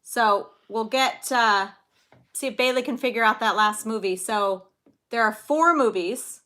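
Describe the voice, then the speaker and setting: A woman's voice: on the high side, unhurried, bright, forceful tone. A woman in her thirties hosting a casual live-stream trivia game, chatty and giggly, telling little stories between questions. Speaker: livestream trivia host and mother.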